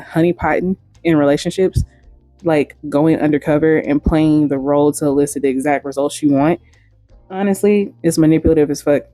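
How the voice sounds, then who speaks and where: A woman's voice: sits low, warm tone, no room sound. A woman hosting a casual commentary vlog, speaking bluntly and frankly with casual profanity. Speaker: host.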